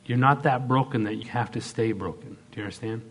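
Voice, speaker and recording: A man's voice: mid-range voice, fast, slightly rough. A middle-aged man, a pastor, preaching an emphatic sermon and leading the congregation in call-and-response.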